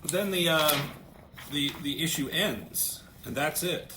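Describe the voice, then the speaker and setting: A man's voice: a little high, animated, measured pace. A man reviewing a comic book in a casual way, walking through the pages and reading the panel lines aloud, often repeating words as he starts a thought. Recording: roomy echo, faint ambient noise.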